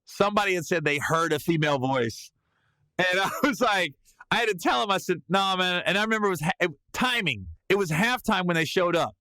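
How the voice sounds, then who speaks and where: A man spinning a comic story as a podcast host, his voice pitched high and swooping all over the place. The tone is bright and forceful, with sudden yelled bits when he acts out a scene. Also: fairly quick, no echo. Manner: animated, bursts into loud yelled reenactments. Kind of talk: comedic storytelling.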